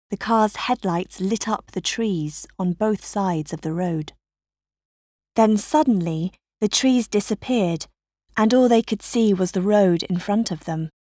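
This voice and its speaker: A woman reading a children's story aloud in a slow, careful narrating voice. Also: medium pitch, mellow, dry recording, clean studio sound.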